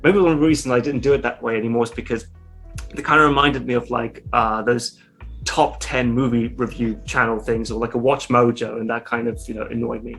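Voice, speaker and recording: A man's voice: medium pitch, little pitch movement, a little fast, gravelly, a bit bright, soft background music. A man talking as an interview guest in a loose, rambling way, full of fillers and the odd swear word. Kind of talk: casual interview chat.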